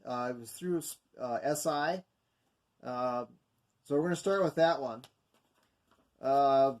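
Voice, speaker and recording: A man with a fairly high pitch and darkish tone hosts a video going over mock drafts. He goes through picks from his notes in loose, unscripted commentary, rambling with frequent fillers and self-corrections.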